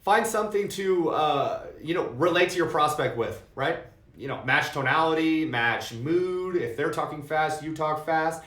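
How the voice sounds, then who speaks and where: A man's voice: on the high side, a little slow, fairly bright tone. Emphatic male sales coach, echoey room. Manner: emphatic, repeats key points, calls listeners "guys". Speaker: insurance sales trainer. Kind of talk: coaching talk to sales agents.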